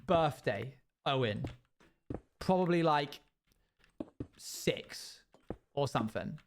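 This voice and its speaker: This young man speaks with a slightly high voice, rambling through a childhood story while he plays a game. He breaks into silly zooming sound effects as he goes. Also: animated, slow pace, vocal fry, slight background noise. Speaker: streamer. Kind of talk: casual storytelling while gaming.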